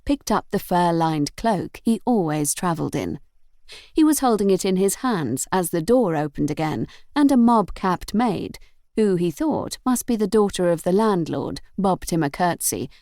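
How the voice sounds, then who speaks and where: Expressive woman audiobook narrator. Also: fairly low pitch, no room sound, studio quality. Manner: expressive, measured storytelling.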